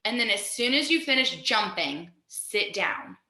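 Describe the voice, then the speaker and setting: A woman's voice: mid-range voice, animated, unhurried, pushed and bright, echoey room. A woman teacher leading a guided mindfulness lesson over a video call, upbeat and encouraging as she talks straight to her students.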